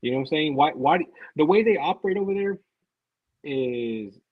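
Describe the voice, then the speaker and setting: A man rambles through casual podcast talk, swearing freely and circling back over his own words. His voice is husky and mid-pitched, and the recording sounds dry and a little dull. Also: lively intonation, normal speed, no room sound. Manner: rambling, profane, repeats himself. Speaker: podcast guest.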